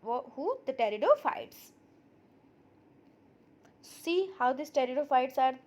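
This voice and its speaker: A woman's voice: high voice, sing-song, slow, a little mellow. A woman with an Indian accent giving an online biology lesson, switching between Hindi and English and repeating key terms. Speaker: biology teacher. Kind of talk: online lecture.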